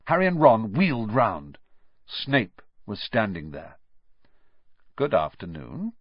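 Man reading a story aloud, expressive, animated, dry dull recording. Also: fairly low pitch, measured pace, no echo. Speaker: audiobook narrator. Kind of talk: scripted narration.

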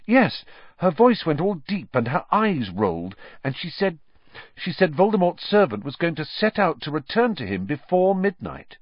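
A man's voice: big pitch swings, moderate pace, breathy edge, dry recording. A man voicing an earnest, anxious teenage boy wizard who talks in urgent, pleading bursts. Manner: urgent, pleading, rising pitch. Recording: slightly dull lo-fi audio.

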